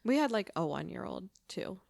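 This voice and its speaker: A woman co-host who teases her friend and cuts in bluntly, her voice lively and full of movement. The sound is close and dry. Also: mid-range voice, moderate pace, gravelly, dry recording. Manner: teasing, blunt interjections. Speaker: podcast co-host. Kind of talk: casual podcast chat.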